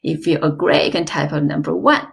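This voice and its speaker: A woman teaching an online lesson, slow and clear, with playful examples. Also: sits low, fairly even intonation. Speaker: Chinese teacher.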